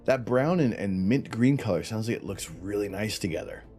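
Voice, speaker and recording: A man's voice: fairly low pitch, lively intonation, moderate pace, a little mellow, soft background music. A man hosting a live stream in casual, rambling chat, his tongue and lips numb, often sighing. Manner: rambling, chatty, sighs often. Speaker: livestream host. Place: home setup during night imaging.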